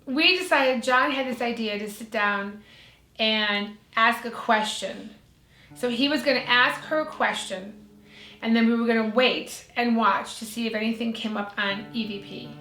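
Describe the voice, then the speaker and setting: A woman's voice: on the high side, moderate pace. A middle-aged woman, a guest psychic medium, telling a story in casual chat and acting out the people in it. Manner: animated storyteller, acts out the people in her story. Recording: echoey room, faint music.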